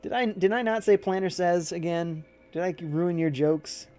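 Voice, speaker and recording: A man's voice: high voice, normal speed, dark tone. A man casually commenting while he plays a video game live and reads chat messages aloud. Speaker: livestreaming gamer. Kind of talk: casual let's-play commentary.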